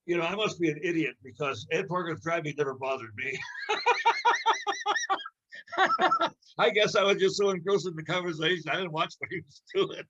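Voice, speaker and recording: A man's voice: fairly high pitch, moderate pace, long pauses, sharp tone. An older man, a guest, telling a rambling story, searching for words and chuckling. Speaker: guest martial arts master. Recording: dull lo-fi audio.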